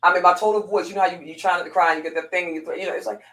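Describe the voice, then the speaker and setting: A woman's voice: lowish voice, fairly even intonation, racing, a bit bright, reverberant, poor audio. A woman, a former police corporal, telling a heartfelt personal story with lots of restarts and repeats.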